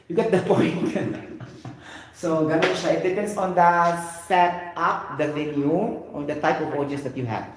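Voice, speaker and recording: Man, lecturer, animated and chatty, raised pitch, heavy room reverb. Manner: lively, mixes in Cebuano phrases, repeats "okay" and "you get the point". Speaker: teacher. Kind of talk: classroom lecture. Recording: very echoey room.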